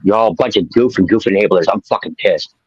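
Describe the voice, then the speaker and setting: A man who calls in to a live stream and shouts a profane, rambling rant from outdoors. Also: on the low side, fast talker. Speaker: caller joining a live stream. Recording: lo-fi, muffled call audio.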